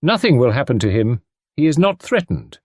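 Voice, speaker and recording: A man voicing a stooped, fatalistic older gentleman who speaks gravely and with resignation. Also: mid-range voice, big pitch swings, normal speed, no room sound, clean studio sound, voice pushed up. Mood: resigned.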